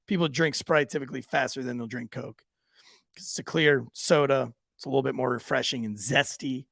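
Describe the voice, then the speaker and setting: Gravelly, profane ex-cop podcast host. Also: male voice, medium pitch, a little fast, no echo, studio quality. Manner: profane, animated anecdote-telling. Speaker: podcast co-host, former police officer. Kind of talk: casual podcast chat and storytelling.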